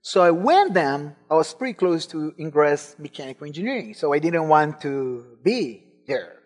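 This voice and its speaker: A man's voice: a little high, expressive, normal speed. A man from Brazil, not an English speaker, preaching a sermon and telling his own story with growing fervor. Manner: personal testimony, rising to fervent emphasis.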